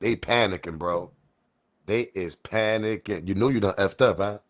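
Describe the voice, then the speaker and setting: A man giving casual, animated livestream commentary, repeating himself, swearing and chuckling. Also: lowish voice, moderate pace. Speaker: online news commentator.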